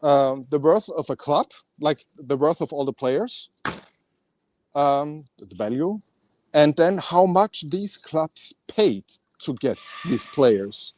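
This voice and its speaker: A man's voice: a little high, lively intonation, takes it slowly, a little mellow, no room sound. A man with an Austrian accent chatting casually on a fan phone-in show, talking with many fillers and restarts. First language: German.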